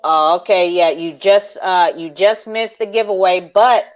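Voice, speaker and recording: A man's voice: sits high, steady tone, measured pace, muffled recording. A man hosting a live online audio call, talking in hyped, slangy casual chat, laughing often and swearing freely. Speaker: host.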